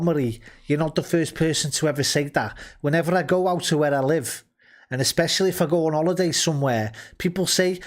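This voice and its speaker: A man's voice: a little high, a little fast. A man with a Midlands accent chatting casually as a livestreamer, swearing freely and laughing often. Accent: Midlands English. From English Midlands. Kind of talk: casual commentary.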